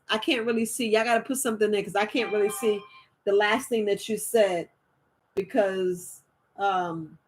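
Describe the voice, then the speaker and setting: Chatty, animated woman herbalist. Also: fairly high pitch. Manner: animated, chatty, repeats herself, laughs often. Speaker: herbalist host. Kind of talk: casual live-stream talk.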